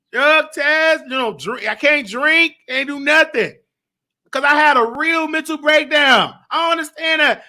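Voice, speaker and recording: A fired-up male talk show host whose very high voice has a gravelly edge. He rants in an animated way, sometimes shouting and sometimes close to tears. His tone is bright and tense. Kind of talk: emotional live talk-show rant.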